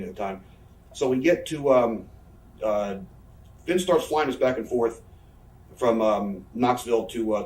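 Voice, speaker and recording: Fast-talking man, roomy far-off sound. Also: medium pitch, darkish tone. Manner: rambling, profane, self-mocking anecdotes. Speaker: interviewee, professional wrestler. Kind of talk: casual storytelling interview. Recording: roomy room, mic set far off.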